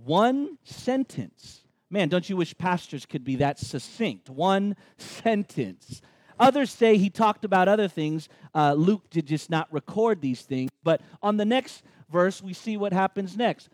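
A male pastor delivers a sermon with playful asides, acting out how the crowd reacts. His voice sits high and swings widely in pitch. The sound is dry and close. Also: normal speed, few pauses, no room sound. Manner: animated, joking asides, acts out crowd reactions.

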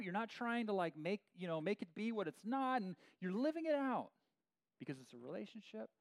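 A man's voice: high-pitched, no room sound. A man preaching a sermon as a pastor, in a conversational way with frequent restarts. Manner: conversational, animated with many restarts.

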